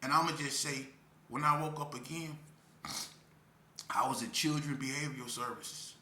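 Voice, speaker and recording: A man's voice: medium pitch, fairly even intonation, moderate pace, sharp tone. A man from Las Vegas speaking earnestly and emotionally to parents, repeating phrases for emphasis as he tells his story. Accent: Las Vegas street speech. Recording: echoey room with faint ambience.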